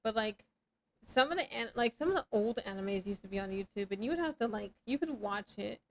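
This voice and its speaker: A woman's voice: medium pitch, expressive, a little fast, low-quality recording. A woman in her thirties chatting casually with her live chat while playing a game, rambling and swearing freely in self-mocking banter. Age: 30s. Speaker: streamer.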